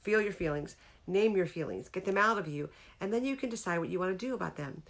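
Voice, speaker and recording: A woman's voice: fairly low pitch, expressive, fast talker. A middle-aged woman hosting a casual live-streamed talk about feelings, speaking earnestly and breaking off to greet viewers by name. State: tearful near the end.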